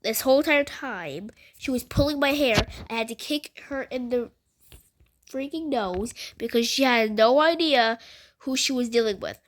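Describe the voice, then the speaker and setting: A woman telling a story in a casual, rambling way, full of fillers and animated retellings. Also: on the high side, normal speed.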